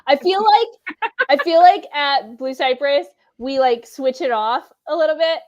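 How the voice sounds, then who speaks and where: A woman's voice: high voice, a little slow, a little mellow. A woman hosting a casual live-streamed chat for her bookstore, bubbly and rambling. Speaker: bookstore host. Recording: slightly muffled lo-fi audio.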